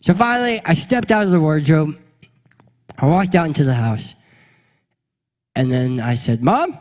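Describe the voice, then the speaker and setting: High-voiced man telling a comic story. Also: expressive, normal speed, darkish tone, big-room sound. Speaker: pastor. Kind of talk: storytelling sermon.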